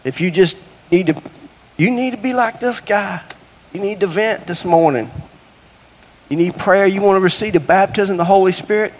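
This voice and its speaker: A man's voice: high voice, moderate pace, pauses often. A middle-aged man preaching a sermon in a church, folksy and conversational, with sudden rises in force. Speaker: guest preacher. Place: church sanctuary. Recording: long hall reverb.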